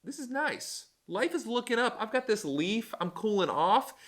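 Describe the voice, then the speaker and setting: A man putting on the voice of a sulking prophet who is suddenly content and cooled off, speaking softly in a high voice. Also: very animated, normal speed. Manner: soft, high, relieved.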